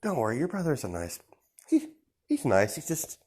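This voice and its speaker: A man voicing a gentle young mother figure who soothes a small child. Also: medium pitch, huge pitch swings, moderate pace, slightly rough, voice pushed up. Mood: soothing.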